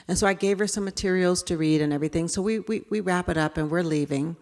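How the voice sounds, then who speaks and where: A middle-aged woman giving an animated storytelling talk on bias to an audience. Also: lowish voice, fast, few pauses, big-room sound. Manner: animated, acts out quotes. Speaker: speaker on implicit bias.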